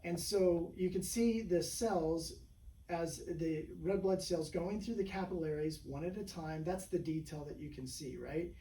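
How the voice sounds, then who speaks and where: Somewhat high yet dark in tone, this man speaks unhurriedly. He's a chiropractor telling stories about patients in a loose, rambling interview, tossing in "you know" and "right?", with the mic placed at a distance in an echoey room humming faintly.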